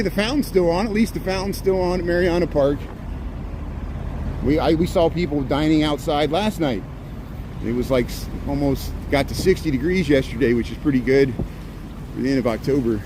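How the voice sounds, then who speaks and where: A man giving rambling, casual commentary as he walks city streets and livestreams, with sarcastic asides. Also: medium pitch. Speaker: walking-tour livestreamer. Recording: street noise and passing traffic.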